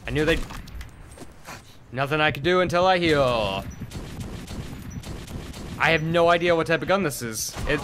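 A man's voice: a little high, expressive, normal speed, pauses often, fairly bright tone, a little hiss or hum. A young man giving gameplay commentary, frustrated and swearing as he mutters to himself. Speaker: gaming video host.

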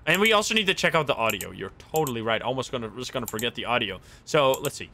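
Streamer: young man, excitable running commentary, lively bright voice, lots of laughs. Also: medium pitch, fast, a little hiss or hum. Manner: excitable, thinks aloud, laughs and exclaims often. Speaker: streamer playing a game. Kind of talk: casual live gameplay commentary.

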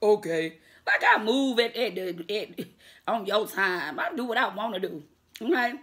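Her voice is medium in pitch, expressive and a bit bright, moving at a measured pace. The woman vlogs casually, addressing viewers as y'all, laughing frequently and defiantly sassing her critics.

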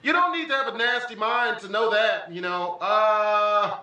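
Profane young man, high and bright. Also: unhurried, lo-fi sound. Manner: profane, excitable, often laughing. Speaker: vlogger. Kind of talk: casual reaction commentary. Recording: echoey room, far from the mic, faint music.

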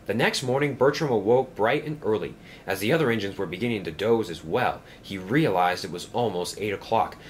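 A man narrating a children's train story in an expressive storybook style. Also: on the low side, fairly quick, few pauses, slight background noise.

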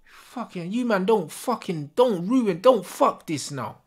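Here a man with a high, expressive voice speaks slowly with a breathy edge. As host of a football fan channel, he delivers a live match reaction rant, enraged, slangy, and swearing without pause.

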